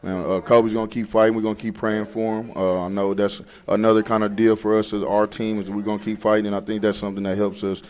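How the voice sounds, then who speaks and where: Man, low voice, flat, earnest, halting. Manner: earnest, halting, many fillers. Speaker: high school football coach. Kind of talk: casual interview.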